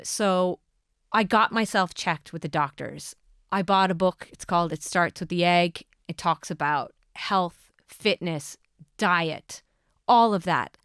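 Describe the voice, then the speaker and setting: A woman's voice: lowish voice, a bit bright, no echo, clean studio sound. A woman in her thirties hosting a podcast, giving earnest coaching to listeners and prompting them with repeated questions. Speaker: podcast host.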